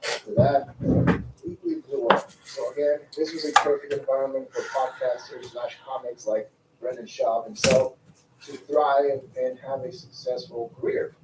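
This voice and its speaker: A man narrates a commentary video, hammering home his points by repeating phrases. His voice sits at an ordinary pitch. It comes from a distance in a roomy space, with clear noise underneath. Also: lively intonation, moderate pace. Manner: emphatic, repeats phrases for stress.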